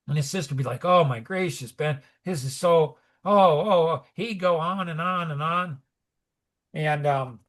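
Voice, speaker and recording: Rambling man on a casual podcast. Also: sits high. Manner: rambling, full of "like" and "you know", animated asides. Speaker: podcast co-host. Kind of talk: casual conversational podcast talk.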